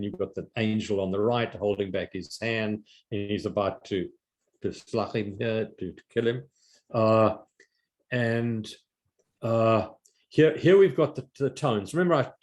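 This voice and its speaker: Older guy lecturing over slides, kinda low voice, lots of uhs and restarts. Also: darkish tone. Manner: halting, many fillers and restarts. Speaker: art history lecturer.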